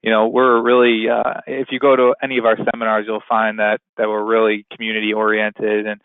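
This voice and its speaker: A man hosting a webinar in a casual, rambling way, filling pauses with "you know". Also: lowish voice, completely flat delivery, smooth, dry recording. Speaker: webinar host. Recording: tinny phone-line sound, dry.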